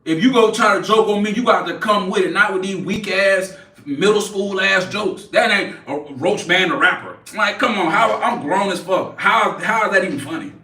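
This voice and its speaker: A man's voice: high-pitched, moderate pace, pushed and bright, far from the mic. A man in his forties hosting a casual livestream, brash and profane as he mocks trolls in the chat. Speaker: livestream host. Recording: echoey room, off-mic.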